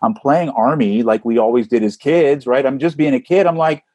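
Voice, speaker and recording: A man, a voice actor, talking casually in an interview, telling animated stories and swooping up in pitch for emphasis. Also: moderate pace, no echo. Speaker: voice actor guest.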